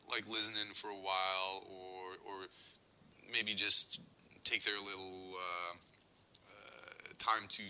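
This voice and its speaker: Bright-voiced man, halting chat. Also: deep voice, vocal fry, a little hiss or hum, rough recording. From Norway. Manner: halting, many fillers and restarts. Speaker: podcast co-host, game master. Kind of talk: casual chat.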